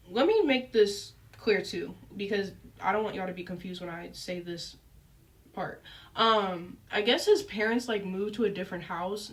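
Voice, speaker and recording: A young adult woman telling a personal story in a casual, chatty way, full of fillers and animated asides. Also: mid-range voice, recorded from a distance. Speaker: storyteller vlogger.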